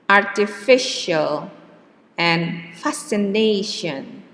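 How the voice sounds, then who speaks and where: A woman leads a pronunciation lesson at a very slow, deliberate pace, drawing out each example word so the stressed syllable stands out. Her voice sits in a middle register, and a long reverb trails after her words as if she were in a large, hard-walled room. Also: mid-range voice, lively intonation, a bit bright. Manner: slow, drawn-out model words with hesitant fillers. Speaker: English teacher.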